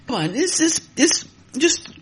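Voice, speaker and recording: A man's voice: very high voice, big pitch swings, measured pace, fairly bright tone. A man hosting his own wrestling podcast, ranting in a heated, exasperated way, with many fillers and some cursing. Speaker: podcast host. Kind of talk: solo wrestling podcast rant.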